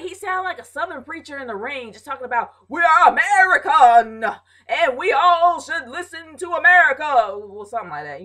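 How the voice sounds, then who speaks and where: A woman's voice: medium pitch, a bit bright. A woman casually reviewing a wrestling show, ranting with exasperation and calling her viewers "y'all". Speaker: wrestling vlogger.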